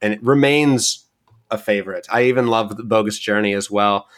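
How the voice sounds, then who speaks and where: A man's voice: lowish voice, normal speed. Easygoing, rambling man co-host. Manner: easygoing, rambling, hesitant with fillers. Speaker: podcast co-host. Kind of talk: casual chat.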